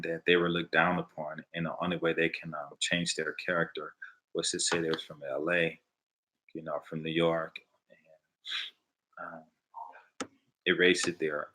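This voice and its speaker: A man from Los Angeles with an American accent, telling stories in a casual, animated way and acting out the voices of people he quotes. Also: deep voice, moderate pace, pauses often, slight background noise. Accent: American English. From Los Angeles, USA. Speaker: vlogger answering viewer questions. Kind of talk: casual storytelling.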